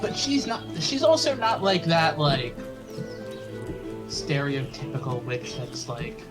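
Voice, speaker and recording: A man's voice: fairly high pitch, sing-song, slow, over music. A man co-hosting a let's play in casual chat, hesitant and rambling with goofy jokes.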